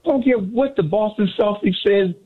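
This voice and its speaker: A man calling a sports radio show, excited and boastful, repeating his points. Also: sits high, brisk. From Miami area. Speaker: caller. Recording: phone line.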